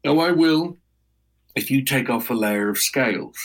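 A man's voice: medium pitch, animated, measured pace. A man voicing a sly young shepherdess bride, speaking in a teasing, sing-song coaxing way as he tells a folk tale.

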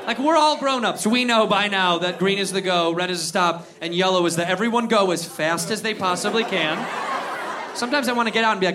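High-voiced man ranting on stage. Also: brisk, noisy background. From United States. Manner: animated, ranting, swears, acts out voices. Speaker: stand-up comedian. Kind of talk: stand-up comedy routine. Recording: live club with audience laughter. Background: crowd laughing.

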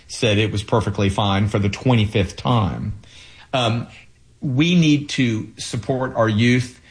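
Low-ish guy, candidate answering questions, earnest, lots of uhs and ums. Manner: earnest, halting with frequent fillers. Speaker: political candidate. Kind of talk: interview answers.

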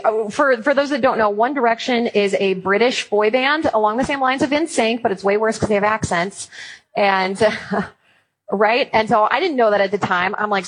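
A woman, giving a talk to a Christian audience and telling lively stories with playful humor. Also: mid-range voice, normal speed, a little hiss or hum, rough recording. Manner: animated storytelling with playful humor. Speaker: Christian speaker on apologetics and parenting.

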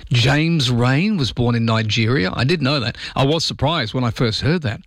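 An Australian man hosts late-night talk radio, joking his way through listener texts and emails. His voice sits at an ordinary middle pitch. The studio sound is close and dry, with no room echo. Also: normal speed. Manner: chatty, jokey, reads listener messages aloud with wry asides. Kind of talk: casual talkback radio chat.

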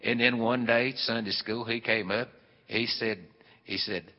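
A man telling a folksy story and acting out the dialogue in an animated, drawling way. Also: fairly low pitch, moderate pace, a little hiss or hum. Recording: reverberant hall, dull lo-fi sound.

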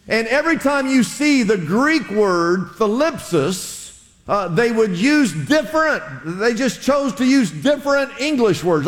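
A pastor giving a sermon in a conversational style, often asking the congregation to repeat words back. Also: male voice, sits high. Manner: conversational preaching with audience call-and-response. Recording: long hall reverb.

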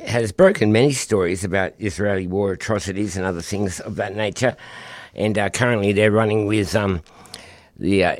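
A man hosting community radio, talking in a casual, halting way with many ums and restarts. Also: on the low side, dry recording, clean studio sound. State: out of breath. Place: radio studio.

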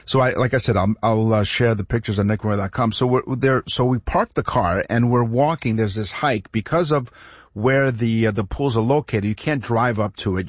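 Husky rambling male radio co-host. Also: medium pitch, no echo, muffled recording. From Canada. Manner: rambling, repeats words, chuckles through stories. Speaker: radio talk show co-host. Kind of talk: casual radio chat, storytelling.

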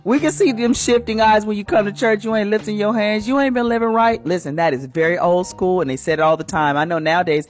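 A woman's voice: mid-range voice, fast, hardly any pauses, faint music behind. A woman hosting a morning radio show, giving an emphatic, preachy inspirational talk in a sermon style. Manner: preachy, emphatic, acts out quoted voices.

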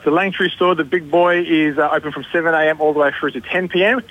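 An upbeat man on a radio spot, talking up a shop sale with chatty anecdotes. His voice sits a little higher than most men's. It comes through as a radio broadcast. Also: steady tone, fast, fairly bright tone, no room sound, poor audio. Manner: upbeat salesy storytelling. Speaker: store manager on radio. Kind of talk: radio promo chat.

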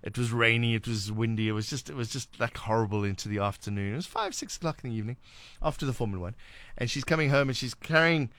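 A man's voice: medium pitch, fast, a bit bright, no echo. A man with a South African accent hosting a late-night radio talk show, chatting wryly and sarcastically with many restarts. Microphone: studio microphone.

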